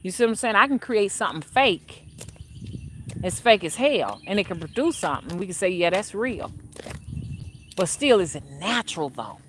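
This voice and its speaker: A woman's voice: mid-range voice, expressive, normal speed. Woman rootworker chatting on a livestream, calls everyone y'all, rambly, faint noise outside. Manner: chatty, addresses viewers as y'all, reads comments aloud; rambling with frequent restarts and fillers. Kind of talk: casual livestream chat.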